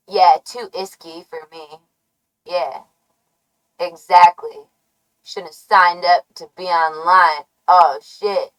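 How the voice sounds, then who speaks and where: A woman streamer doing chaotic ASMR trolling, playful and nonsensical, swinging from soft murmurs to sudden shouts. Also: on the low side, fairly even intonation, slow, low-quality recording.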